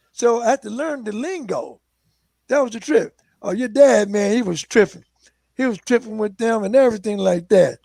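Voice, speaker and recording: Animated older man, high gravelly voice. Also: normal speed, no room sound. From Philadelphia. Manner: animated, acts out quoted voices. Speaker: guest musician. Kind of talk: casual storytelling.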